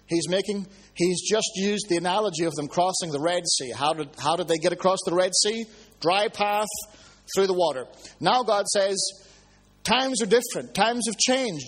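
Man, preacher, sermon, high voice, animated storytelling, hushed then soaring. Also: slightly rough.

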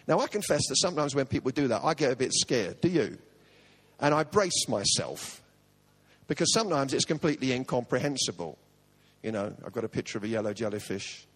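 Animated preacher telling comic stories. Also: male voice, mid-range voice. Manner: animated comic storytelling, self-mocking asides. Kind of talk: humorous sermon.

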